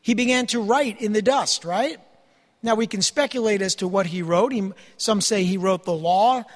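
A man's voice: high-pitched, moderate pace, big-room sound. A man preaching a sermon, earnestly teaching and reading scripture aloud. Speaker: pastor.

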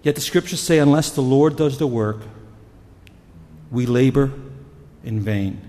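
A man's voice: mid-range voice, unhurried, dark tone. A man preaching a sermon in an earnest storytelling manner. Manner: earnest, storytelling, acts out panicked voices. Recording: long reverb of a hall.

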